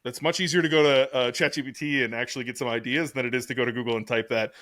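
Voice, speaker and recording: Fast-talking, rambling podcast co-host man. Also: medium pitch, fairly even intonation, sharp tone, no echo, clean studio sound. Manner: fast, rambling, profane storytelling. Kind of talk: casual chat.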